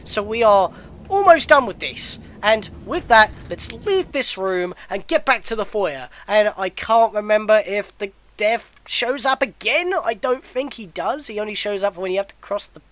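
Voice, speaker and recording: Excitable high-voiced gaming commentator man. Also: normal speed, no echo. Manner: chatty, excitable outbursts. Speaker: let's player. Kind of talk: gameplay commentary.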